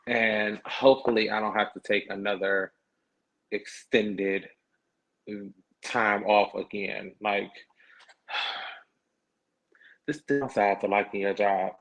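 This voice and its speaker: A man's voice: lowish voice, creaky, a bit bright. A man hosting a podcast livestream, chatting casually in a sassy, slangy way. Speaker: podcast host. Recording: dull lo-fi stream audio.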